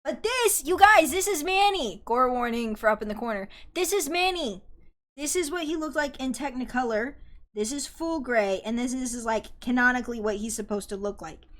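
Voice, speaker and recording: A young woman chatting casually on a livestream while drawing, rambling excitedly, swearing and yelling at her chat. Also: fairly high pitch, a little fast. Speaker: artist streamer.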